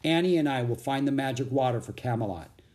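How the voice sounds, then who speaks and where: A man's voice: medium pitch, brisk, darkish tone, lightly acted. A man reading an audiobook, voicing a thoughtful, cautious young boy who sounds earnest and worried.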